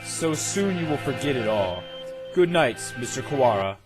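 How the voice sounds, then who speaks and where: A man voicing a sinister, calm male bird doctor in a visual novel read-aloud, speaking slowly in a measured, menacing way. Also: medium pitch, pitched below the performer's own voice, close to an everyday voice. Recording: music playing underneath.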